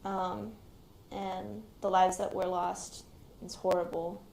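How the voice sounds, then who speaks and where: A young woman, an active military member, recounts surviving a shooting in a hesitant, reflective, quiet-spoken way. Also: fairly low pitch, level tone, takes it slowly, gravelly. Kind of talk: recounting a personal experience in an interview. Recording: roomy recording with faint background noise.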